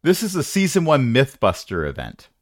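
A man's voice: mid-range voice, wildly swooping pitch, normal speed, no room sound, studio quality. A man narrating as game master in a tabletop game, wry and rambling with playful jokes.

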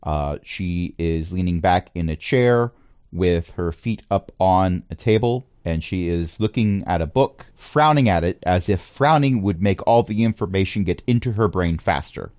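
A man narrating a tabletop game as its game master, relaxed and playful, with frequent ums and asides. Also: deep voice, measured pace, dry recording, studio quality.

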